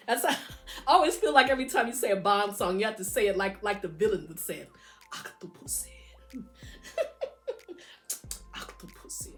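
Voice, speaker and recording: A middle-aged woman casually showing off her vinyl singles, enthusiastic and gushing, now and then singing a line along. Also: mid-range voice. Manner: enthusiastic, gushing, breaks into short sung snippets. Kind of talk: casual record show-and-tell.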